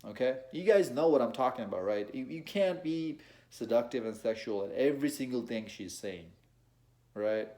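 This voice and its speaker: A young man talks straight to his viewers in a loose, conversational way. He is mid-pitched, repeats words and restarts his sentences as he goes. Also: lively intonation, normal speed, dark tone. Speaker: dating advice vlogger. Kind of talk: casual advice monologue to camera.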